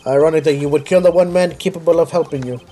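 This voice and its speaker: A man's voice: on the high side, quick pace, dark tone, lightly acted. A man voicing a smug, easygoing male prosecutor who mocks the defendant in a game playthrough.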